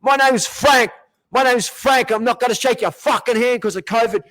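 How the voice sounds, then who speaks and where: A man voicing an angry, threatening man who swears and shouts, pitched far above his own voice. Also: normal speed. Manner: shouting, profane.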